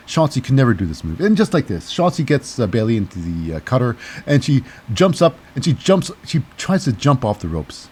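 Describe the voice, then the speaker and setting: A man's voice: mid-range voice, a little mellow, slightly rough. Rambling, cynical male show host. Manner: rambling, digressive, cynical, lots of fillers. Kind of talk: casual wrestling recap commentary.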